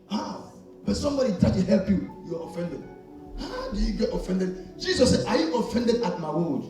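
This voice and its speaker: A high-voiced man preaches a call-and-response sermon, asking the crowd to fill in words. His voice swings from loud to soft as he acts out little scenes. He is heard from a distance in a very echoey hall, with faint music behind. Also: big pitch swings, moderate pace. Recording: echoey hall, far from the mic.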